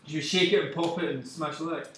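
A man's voice: a little high, steady tone, brisk, pushed and bright. A Scottish man joking and teasing his co-host in casual banter over beer in a photo studio. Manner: joking, teasing, laughs often. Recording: echoey room, distant mic, faint noise.

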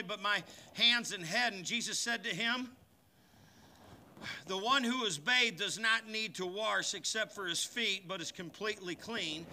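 Male pastor, high-pitched, very bright tone, folksy joking sermon, church service, louder when exhorting. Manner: folksy, joking asides between scripture readings; rises in pitch and volume when reading scripture and exhorting.

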